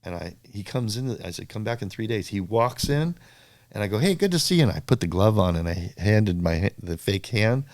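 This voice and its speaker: An older man who shapes surfboards tells stories animatedly in a casual interview. His voice is fairly low and his speed normal, and he acts out other people's lines in a raised voice.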